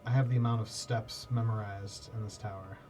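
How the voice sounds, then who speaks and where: A man's voice: on the low side, fairly even intonation, fairly quick, a little mellow, soft background music. A man playing a tabletop game, talking casually and restarting his sentences as he describes his character's actions. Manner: rambling, restarts often. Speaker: player.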